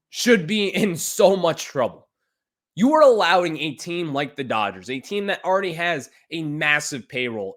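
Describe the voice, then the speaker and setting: A man's voice: a little high, a bit bright. A man hosting a sports podcast, ranting emphatically about a baseball contract. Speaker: podcast host.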